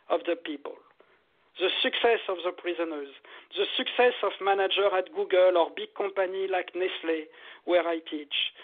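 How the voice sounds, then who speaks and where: High-voiced man over a phone-like line. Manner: animated, repetitive, laughs often. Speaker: meditation teacher, guest. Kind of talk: casual interview.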